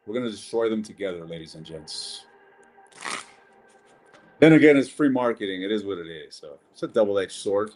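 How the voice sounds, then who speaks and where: A man's voice: mid-range voice, darkish tone. A man giving a casual live-stream tarot reading, blunt and chatty, swearing and calling viewers ladies and gents.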